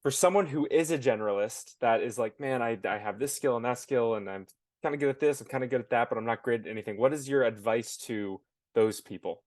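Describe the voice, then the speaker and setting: A man's voice: medium pitch, a little fast, darkish tone, no echo, clean studio sound. A man hosting a podcast interview over a video call, asking enthusiastic, rambling questions. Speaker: podcast host.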